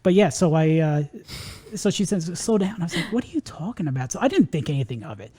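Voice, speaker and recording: A man in his thirties from New York with a New York accent, hosting a casual podcast chat as a quick, animated storyteller who laughs often. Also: a little high, slightly rough. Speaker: podcast host.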